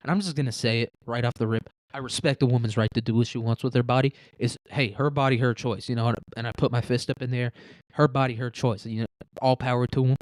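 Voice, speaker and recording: A man hosts a comedy podcast and rambles through a crude, joking hypothetical. He talks fast at an ordinary pitch. The sound is dry and close. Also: fairly even intonation, no room sound. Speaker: podcast host.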